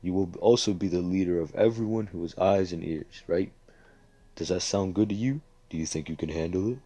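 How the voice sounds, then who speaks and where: A man's voice: sits low, brisk, mellow, no room sound. Man casually narrating a fan story. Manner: loose and sweary, with filler asides. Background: faint background music.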